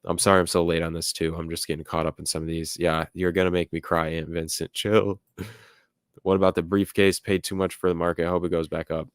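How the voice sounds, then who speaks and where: A man's voice: low-pitched, level tone, fairly quick, clear, resonant tone, no room sound, studio quality. A young man hosting a casual livestream, reading chat comments aloud and rambling with lots of fillers. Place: home room with music playing nearby.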